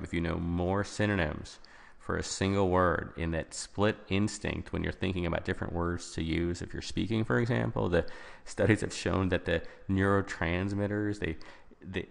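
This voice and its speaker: A man's voice: deep voice, gravelly, big-room sound. A man explaining vocabulary answers as a test-prep tutor, informal and thinking aloud with small restarts.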